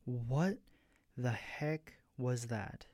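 A grumpy, defensive young man snaps back in a strained whisper, as a storyteller reads him. The voice sits a little high and sounds dry and close. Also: normal speed, darkish tone, dry recording, close to an everyday voice.

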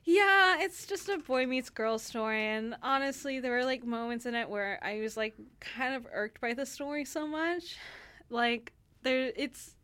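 A woman's voice: high voice, measured pace, bright, forceful tone, clean tone. A young woman reviewing a play in casual radio chat, talking loosely with many fillers and restarts. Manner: chatty, lots of fillers and restarts, laughs easily. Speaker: theatre reviewer.

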